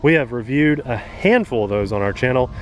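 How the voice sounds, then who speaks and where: A man's voice: mid-range voice, expressive, fairly quick, a little hiss or hum. A man hosting an RC hobby channel, chatting casually and joking while testing a boat by a pond outdoors. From rural United States. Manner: easygoing, chatty, jokey. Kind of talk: casual outdoor review chat.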